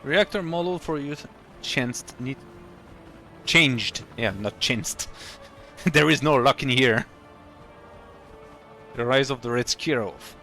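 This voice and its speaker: A man's voice: medium pitch, unhurried, long pauses, sharp tone, soft background music. A man from France giving casual live commentary on a strategy game stream, chatting with viewers between play calls.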